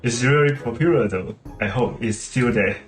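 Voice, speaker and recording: Chatty male streamer explaining a game casually; average pitch, echoey room. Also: moderate pace. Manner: chatty, explains at length, laughs often. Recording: roomy room with game music.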